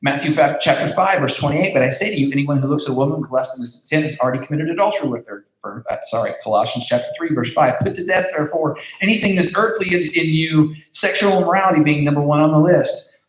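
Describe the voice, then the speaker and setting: A man giving a casual youth group talk as pastor, conversational, with many fillers and repeated words. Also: a little high. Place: large room with a group. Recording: echoey room.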